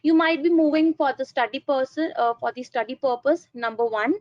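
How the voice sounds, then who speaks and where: Young Indian woman trainer, fairly high voice, explanatory and repetitive, on a dull, dry video-call mic. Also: brisk, no echo. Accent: Indian English. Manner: explanatory, repeats phrases while thinking. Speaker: English trainer. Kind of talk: online seminar presentation. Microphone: computer mic on a video call.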